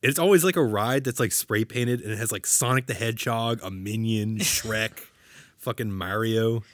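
A man's voice: on the low side, moderate pace, no echo, studio quality. A man co-hosting a podcast in casual chat, rambling, swearing and laughing between jokes. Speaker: podcast co-host.

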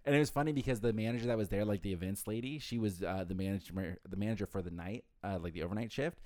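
A man's voice: lowish voice, quick pace, darkish tone, dry recording, clean studio sound. A young man in casual chat about his hotel front desk job, rambling with lots of swearing and filler words.

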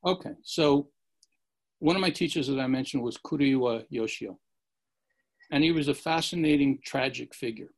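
A man's voice: medium pitch, moderate pace, creaky. A man telling rambling martial arts anecdotes in a casual chat, acting out the quotes. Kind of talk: casual storytelling.

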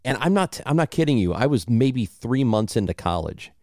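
A young man from Southern Illinois, with a slight regional accent, chats casually as a podcast co-host, telling animated stories full of restarts. His mid-range voice moves at a moderate pace, recorded in studio quality with no room sound.

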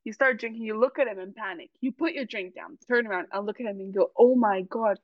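A woman co-hosting a casual podcast, playful and animated, spinning little scenarios with quick restarts. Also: mid-range voice, no room sound, lo-fi sound. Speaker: podcast co-host.

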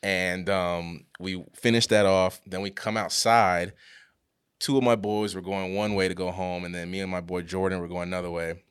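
A young man with a fairly low voice tells a story in relaxed podcast chat. He is animated and slangy, and often laughs while talking. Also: moderate pace, clean tone. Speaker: podcast co-host.

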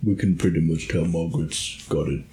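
A man's voice: low voice, fairly even intonation, moderate pace, mellow, reverberant, a little hiss or hum, rough recording. A man playing a tabletop game, joking and laughing through casual banter. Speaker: player.

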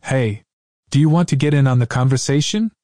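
A man's voice: medium pitch, brisk, voice pushed up, close to an everyday voice. A man reading an upbeat promo announcement in a raised voice, set apart from his usual talk. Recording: promo spot over music.

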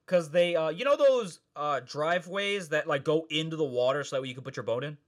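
A man's voice: fairly high pitch, brisk. A man co-hosting a podcast in casual chat, rambling and swearing, laughing often. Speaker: podcast co-host.

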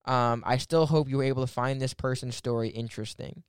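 A young man hosting a podcast, telling a story in casual, animated chat and swearing now and then. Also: mid-range voice, fairly quick, smooth, no echo, clean studio sound. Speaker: podcast host.

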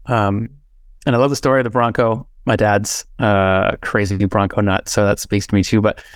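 A man's voice: fairly low pitch, little pitch movement, normal speed, smooth, no echo, clean studio sound. A man hosting a podcast, chatting casually in a rambling way full of fillers and restarts. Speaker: podcast host. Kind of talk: casual interview chat.

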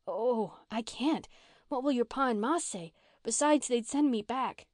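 A scrappy, half-starved runaway girl of about twelve, as a woman reader puts her on, rattling on in blunt country slang. Her voice sits up high and carries, and the recording is dry and close, with no room around it. It fits a storybook read aloud. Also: lively intonation, unhurried, a little mellow, no echo. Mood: pleading. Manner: rough country dialect, blunt and chattering.

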